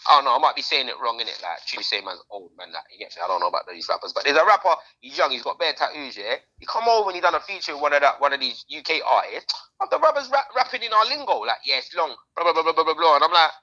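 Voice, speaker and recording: Fast, animated man, lo-fi sound. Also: a little high. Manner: animated, slangy, talks over others. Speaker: podcast co-host. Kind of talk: casual chat.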